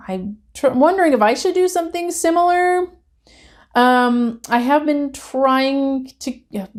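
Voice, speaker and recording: A woman's voice: medium pitch, darkish tone. A woman reviewing a reality TV episode in a casual, chatty way. She grows emphatic and heated as she rants.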